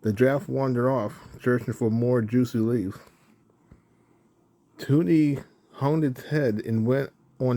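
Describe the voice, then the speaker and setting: Guy reading a kids' story out loud, warm mellow voice, keeps fixing his slips. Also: mid-range voice. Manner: self-correcting reading with restarts. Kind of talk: storybook read-aloud.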